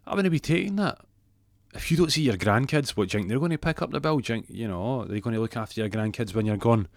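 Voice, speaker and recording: A man putting on a brash Scottish bar hustler, raised higher than his own deep voice, pushy and wheedling, full of big promises. Dry, close sound. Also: little pitch movement, quick pace, a little mellow, no room sound, close to an everyday voice. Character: brash, smooth-talking middle-aged male pub hustler.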